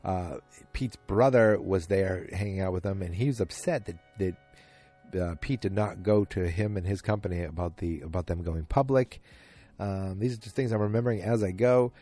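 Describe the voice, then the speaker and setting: A man hosting a podcast, recapping a TV episode in a casual, rambling way with many pauses and fillers. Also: low voice, dark tone. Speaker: podcast host.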